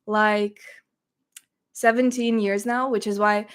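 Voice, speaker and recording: A woman's voice: mid-range voice, level tone, slow pace, smooth. A woman from Russia hosting a casual livestream Q&A, chatting a little nervously as she reads viewer comments aloud and answers them. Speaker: streamer hosting a Q&A.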